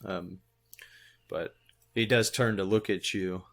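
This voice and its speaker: Slow gravelly-voiced man game master. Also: deep voice, fairly even intonation, fairly bright tone. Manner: slow, halting, with many fillers. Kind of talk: narrating a tabletop game.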